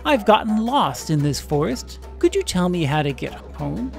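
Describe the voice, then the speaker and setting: A man's voice: high-pitched, big pitch swings, moderate pace, gravelly, over music, exaggerated voice. A man voicing a young lost male dingo who asks for directions in a formal, old-fashioned way. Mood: polite pleading.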